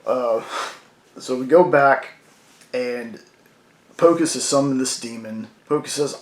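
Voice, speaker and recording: A man's voice: mid-range voice, slow, long pauses. A man casually reviewing a comic book, rambling with many fillers. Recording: roomy echo.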